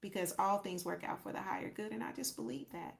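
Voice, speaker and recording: A woman's voice: medium pitch, quick pace, gravelly. Woman podcast host, casual and reflective, mid-range voice, talks straight to her viewers. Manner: reflective, faith-centered, reads out viewer comments; loose, conversational, repeats herself and thinks aloud. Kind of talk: casual livestream chat with viewers.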